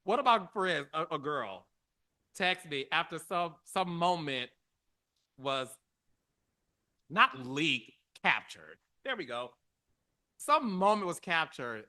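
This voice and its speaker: A middle-aged man hosting a podcast, giving casual, emotional commentary with dramatic pitch swings. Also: big pitch swings, slow, pauses often, bright, forceful tone. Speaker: podcast host.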